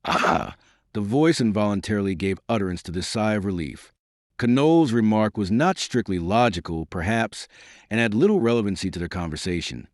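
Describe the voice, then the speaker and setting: Expressive low male audiobook narrator. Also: fairly quick, no room sound, clean studio sound. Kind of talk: scripted narration of a classic novel.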